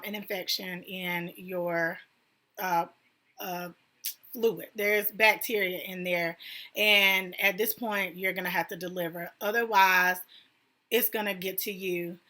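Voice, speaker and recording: A young woman with a bright, clear-edged voice tells her own story in a loose, conversational way. She leans on "like" and "I was like," acting out what was said, at a middle pitch. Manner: conversational, many "like" and "I was like" quotes. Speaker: vlogger sharing a personal story. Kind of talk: casual personal storytelling.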